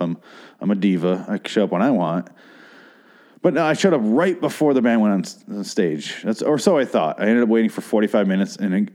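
Low, mellow-voiced man rambling casually. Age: 30s. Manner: rambling, profane and self-mocking. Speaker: podcast host. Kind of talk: casual solo podcast monologue. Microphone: studio mic through a mixer.

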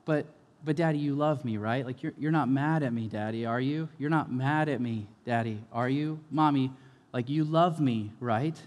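A man's voice: medium pitch, moderate pace, darkish tone, close to an everyday voice. A man voicing his three-year-old daughter, tearful and stammering as she asks if her parents still love her, with a long hall echo. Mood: pleading. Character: anxious little girl of three pleading for love. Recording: long reverb of a large hall.

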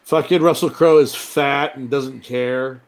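A man talking movies in a loose, unscripted chat. He is blunt and opinionated, swears freely and slips into quick mocking impressions. His voice sits at an ordinary middle pitch. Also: steady tone.

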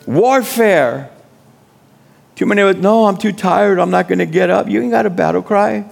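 High-pitched, creaky, and darkish in tone, this guest preacher speaks at a quick pace with fairly even intonation. He exhorts the congregation in his sermon, calling out amen again and again in informal, street-style language.

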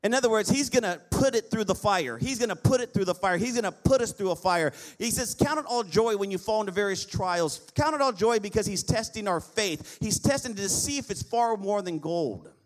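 High-voiced man preaching a sermon. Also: fairly quick, few pauses. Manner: lively preaching with call-and-response amens. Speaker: pastor.

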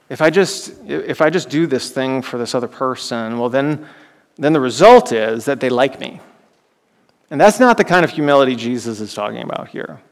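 A pastor with a mid-range voice and vocal fry preaches a sermon conversationally, frequently posing rhetorical questions to his listeners. The recording carries a long hall reverb.

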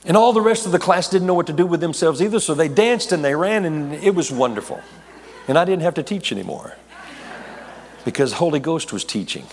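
A man's voice: a little high, expressive, a little fast. A middle-aged man, a pastor, telling a long testimony in a sermon, rambling, correcting himself and laughing at his own asides. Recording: long hall reverb.

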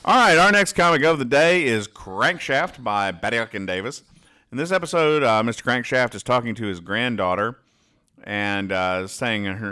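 A male podcast host reading comic strips aloud in a casual way, pausing often with "uh" and restarting sentences as he dryly explains each joke. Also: medium pitch, lively intonation, pushed and bright, smooth. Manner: halting, with frequent "uh" and restarts, dryly explaining jokes. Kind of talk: casual read-aloud commentary.

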